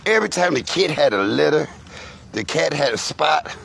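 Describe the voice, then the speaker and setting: Walking outdoors toward a grocery store, a man vlogs on his phone in a fairly high, gravelly voice at a moderate pace. He delivers an animated, cursing monologue, telling insulting stories about his family. Slight background noise is audible.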